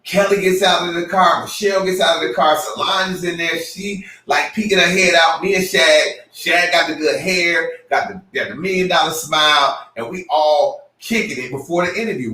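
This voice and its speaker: A man co-hosting a podcast, telling a story with lively acted-out quotes and sudden jumps in pitch. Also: distant mic. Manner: excitable, acts out quotes with big pitch jumps. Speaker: podcast co-host. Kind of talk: animated storytelling. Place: room at a live podcast show. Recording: roomy, from off the mic.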